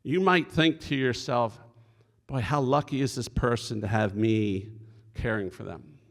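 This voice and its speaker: A man voicing a very old, gentle nun who teaches earnestly, in an echoey hall. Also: medium pitch, a little slow, natural voice.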